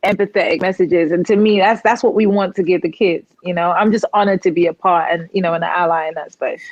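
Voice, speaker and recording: Brief: British woman guest, animated storyteller, dry muffled recording. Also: fairly low pitch, fairly quick, no echo. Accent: British English with some American. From England. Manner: animated storyteller who acts out quotes. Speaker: guest, singer and voice actress. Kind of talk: casual interview chat.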